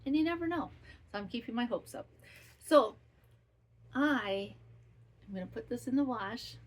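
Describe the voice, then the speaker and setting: A woman's voice: a little high, lively intonation, moderate pace. A woman hosting a podcast who chats casually in a rambling, heartfelt way. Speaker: podcast host. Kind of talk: casual chat.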